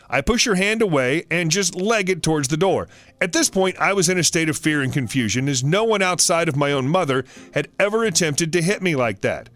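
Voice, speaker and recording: A man's voice: fairly high pitch, a bit bright. A man reading an online story aloud in a wry, sarcastic storytelling manner. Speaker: story narrator.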